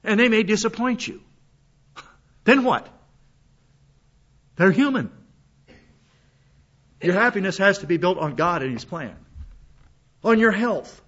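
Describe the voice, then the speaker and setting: A man delivers a sermon in a high, bright voice. His manner is folksy and conversational, with plenty of asides, and he is sick with a cough. The recording sounds dull and lo-fi. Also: animated, slow, long pauses, husky. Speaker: pastor.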